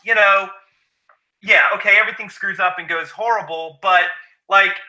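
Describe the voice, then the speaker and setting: A man's voice: sits high, fairly even intonation, normal speed, pushed and bright, rough recording. A man co-hosting a board game live stream, musing in casual group chat with lots of fillers. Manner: loose, filler-heavy musing.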